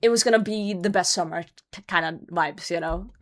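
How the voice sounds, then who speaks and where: A young adult woman tells a rambling story to her livestream chat, talking a little fast. She swears freely and gets animated, then trails off into low mumbles as each thought ends.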